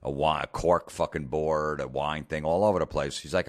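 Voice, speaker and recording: A comedian hosting a podcast, telling a blunt, profane story in a casual rant. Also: male voice, very deep voice, fairly even intonation, moderate pace, hardly any pauses.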